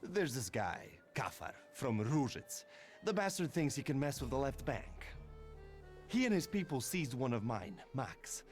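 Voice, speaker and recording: A swaggering gang boss. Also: male voice, medium pitch, very animated, unhurried, darkish tone, faint music behind. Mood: scheming. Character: gruff, loyal middle-aged male gang boss. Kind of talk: video game voice acting.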